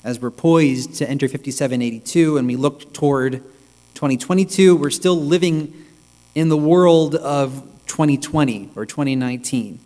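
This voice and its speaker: A male rabbi giving a reflective, measured sermon, with pauses, in a synagogue sanctuary. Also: medium pitch, warm tone. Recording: long reverb with mains hum.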